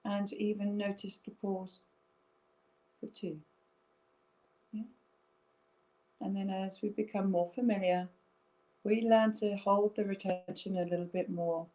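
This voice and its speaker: A middle-aged woman yoga teacher leading a guided breathing session, speaking softly and slowly with gentle check-ins to her students. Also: mid-range voice, poor audio. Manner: soft, slow and soothing, with gentle check-ins. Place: home, via online stream.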